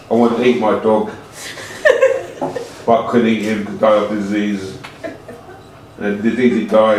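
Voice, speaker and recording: A man delivering an absurd comic monologue in a slow, rambling, deadpan way with broken grammar, heard from a distance in an echoey room. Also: lowish voice, a little hiss or hum. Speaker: comedian.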